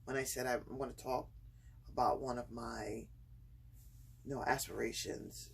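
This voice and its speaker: A woman recording a casual home vlog in an unhurried, drawn-out way, with a husky, breathy edge to her voice. She pauses often and fills gaps with fillers before bursting into excited storytelling. Her throat sounds a touch itchy from earlier screaming. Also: a bass voice. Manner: hesitant, many pauses and fillers, turns excited and laughing when telling the story. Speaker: vlogger.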